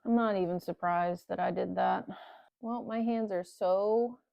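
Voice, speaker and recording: A woman's voice: mid-range voice, steady tone, a little slow, creaky, no room sound, muffled recording. A woman talking to the camera while she works on a motorcycle in a cold garage. Her hands are cold, and she mutters, curses and jokes sarcastically to herself. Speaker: motorcycle vlogger. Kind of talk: casual talk-to-camera while working.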